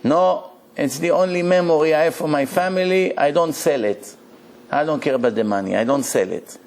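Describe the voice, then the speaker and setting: A man's voice: fairly high pitch, normal speed, darkish tone, natural voice. A man voicing a stubborn teenage boy who firmly refuses to sell his family heirloom. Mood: defiant.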